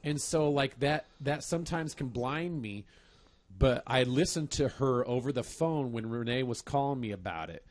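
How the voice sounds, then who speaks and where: A man's voice: medium pitch, moderate pace. A man in his thirties chatting on a podcast, telling a profane story about his kids with frequent laughter. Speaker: podcast host. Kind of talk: casual chat.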